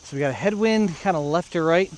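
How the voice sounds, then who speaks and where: American man, slightly high voice, chatty outdoor vlog host, faint crickets behind. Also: quick pace, slight background noise. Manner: chatty, self-narrating, talks to viewers. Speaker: disc golf vlogger. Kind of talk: casual play-by-play vlog. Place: outdoor park course.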